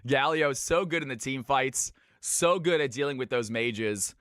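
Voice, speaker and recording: A man's voice: mid-range voice, moderate pace, a bit bright, no room sound, studio quality. A man from California hosting a live game stream, commentating picks and greeting viewers by name in an upbeat way. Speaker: streamer casting viewer games.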